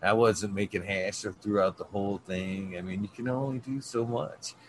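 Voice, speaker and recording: A man in relaxed conversation, earnest and full of fillers. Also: fairly low pitch, moderate pace, background noise. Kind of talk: casual conversation.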